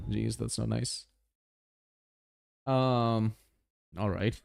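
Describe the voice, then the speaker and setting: Young streamer dude chatting w/ chat while gaming, gravelly voice, swears a lot, laughs a ton, noisy mic. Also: male voice, mid-range voice, takes it slowly. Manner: swears freely, laughs often, chatty and animated.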